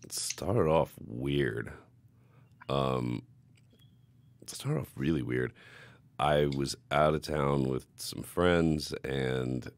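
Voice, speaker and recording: A man with an extremely deep, gravelly voice, swearing freely as he tells a story in casual podcast chat. The sound is dry and close. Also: dry recording. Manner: profane, animated storytelling. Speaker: podcast co-host.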